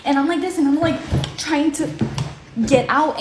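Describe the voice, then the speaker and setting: A woman's voice: high-pitched, moderate pace, darkish tone. A woman vlogger telling a dramatic get-ready-with-me story, acting out her own reactions and switching languages mid-sentence. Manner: mixes English and Spanish mid-sentence.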